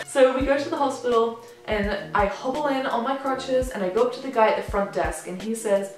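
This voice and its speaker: A woman's voice: fairly high pitch, expressive, brisk, few pauses, a little mellow. Teen woman vlogger, dramatic storyteller, very roomy echo, faint music bed. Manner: chatty, dramatic retelling with acted-out quotes. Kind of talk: storytime vlog. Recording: very echoey room, faint music.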